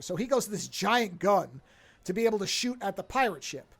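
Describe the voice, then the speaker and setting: Here a podcast host with a mid-range voice speaks at a moderate pace, recapping a TV episode conversationally. Animated throughout, she dramatizes the quotes and doesn't hold back on profanity.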